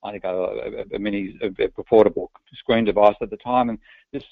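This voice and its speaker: A man's voice: lowish voice, steady tone, fairly quick, vocal fry, no echo. Australian man on a tinny line. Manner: frank, opinionated, self-correcting restarts. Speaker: guest. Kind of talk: podcast interview answers. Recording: dry, tinny phone-line sound.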